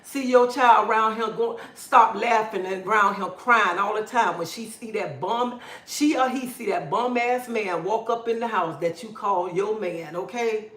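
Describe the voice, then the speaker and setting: A woman's voice: mid-range voice, measured pace, hardly any pauses, fairly bright tone, roomy sound. Fiery woman ranting on a phone livestream. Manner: preachy, blunt, fiery. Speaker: livestream host. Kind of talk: impassioned livestream rant.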